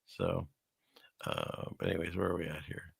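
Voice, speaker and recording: A man's voice: low-pitched, big pitch swings, moderate pace, creaky, breathy edge, no room sound, clean studio sound. A man hosting a show, rambling skeptically through casual commentary while he browses, with many restarts. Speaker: show host.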